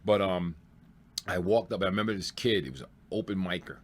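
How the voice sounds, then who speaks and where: Comedian guy telling war stories, super lively up and down voice, laughs and cusses a lot. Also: low voice, a little fast, breathy edge. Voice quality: excitable, swears freely, laughs through punchlines. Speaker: stand-up comedian guest. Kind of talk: animated storytelling.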